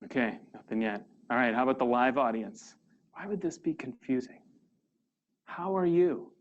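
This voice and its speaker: A man's voice: medium pitch, lively intonation, moderate pace, lo-fi sound, a little hiss or hum. A man presenting a workshop seminar to a live audience, conversational and full of questions to the room.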